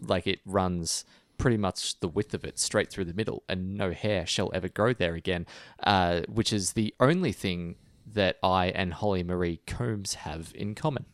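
A man's voice: sits low, moderate pace, no room sound. A man co-hosting a podcast in a casual, self-mocking chat, chuckling at himself. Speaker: podcast co-host. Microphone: home mic stand.

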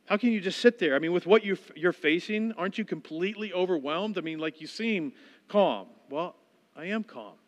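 A man's voice: on the high side, a bit bright. A middle-aged man preaching a sermon in a casual, joking way with many fillers. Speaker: pastor. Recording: long hall reverb.

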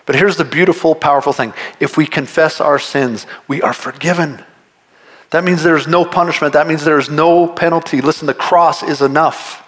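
A male pastor delivers a sermon in a direct, earnest way, pressing each point with repetition. His voice sits a little higher than most men's. He talks straight to the congregation. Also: a bit bright. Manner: direct, earnest preaching with repeated urgent phrases.

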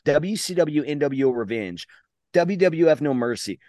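A man co-hosting a podcast in casual chat, excitable and swearing freely. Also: a little high, normal speed, no echo, studio quality. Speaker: podcast co-host.

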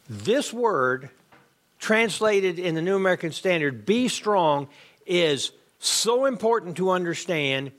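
A man's voice: on the high side, fairly bright tone. A middle-aged man, teaching a Bible lesson and explaining grammar step by step with emphasis.

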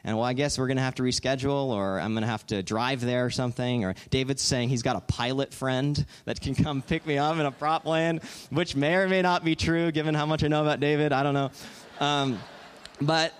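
A man in his twenties giving an animated, joking storytelling talk to an audience in a large auditorium. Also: medium pitch, smooth. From Southern California. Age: 20s. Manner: animated, joking, quick asides. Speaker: guest speaker.

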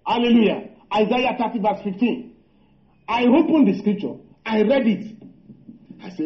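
A man preaching a sermon, halting and repeating words, calling out hallelujah and asking the congregation rhetorical questions. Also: sits high, lively intonation. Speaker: pastor. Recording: echoey room, dull lo-fi sound.

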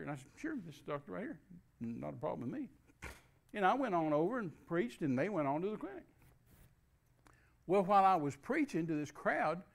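An older man preaches to a congregation. He tells a story in a folksy way, full of restarts, and his voice sits a little high for a man. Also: gravelly. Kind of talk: sermon storytelling.

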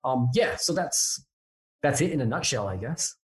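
A man's voice: medium pitch, lively intonation, normal speed. Upbeat chatty American pastor man. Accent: American, mixed New Jersey. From Newark, New Jersey. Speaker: pastor, podcast guest. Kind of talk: casual podcast interview.

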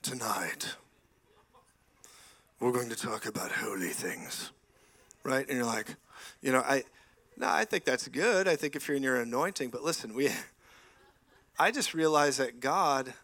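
A man in his forties delivers a lively sermon from a church stage, moving between personal stories and exclamations of praise. His voice is mid-pitched and he talks with enthusiasm, often breaking into laughter. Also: normal speed. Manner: enthusiastic, laughing asides, frequent praise interjections. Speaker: preacher. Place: church sanctuary.

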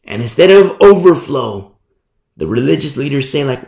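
A man preaching a sermon, animated storytelling that acts out the people in it. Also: mid-range voice, moderate pace, gravelly, echoey room. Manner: animated storytelling, acting out voices.

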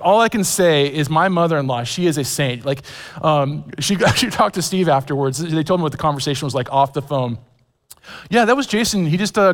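A man's voice: fairly high pitch, big-room sound. A man in his forties preaching a sermon, telling stories with self-deprecating humor, many fillers and restarts. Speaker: pastor. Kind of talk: sermon with personal storytelling.

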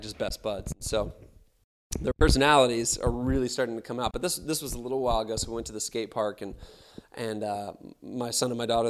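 A man in his thirties preaching a sermon as pastor, repeating his key lines and swinging between loud emphasis and soft asides. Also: medium pitch.

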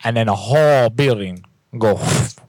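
A man puts on a prank caller with a jumbled mix of foreign accents who speaks in broken English. He presses the same baffled questions over and over at a middle pitch. The voice is close and dry. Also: darkish tone, no echo, natural voice. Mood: insistent. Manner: halting, baffled, pushy questions.

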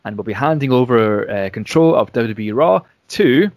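A man's voice: mid-range voice, animated, normal speed, a little mellow, no room sound, close to an everyday voice. A man reading out a wrestling executive's formal statement in a plain, announcement-like way.

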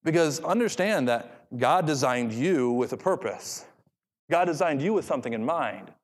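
A man's voice: on the high side, expressive, normal speed. A man preaching an expository sermon, reading scripture aloud and repeating key phrases for emphasis. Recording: long hall reverb.

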